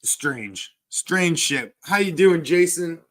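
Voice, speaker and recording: A man's voice: on the high side, expressive. A man, livestreaming and answering chat with crude, sarcastic banter. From Canada. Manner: sarcastic, crude, slow drawl.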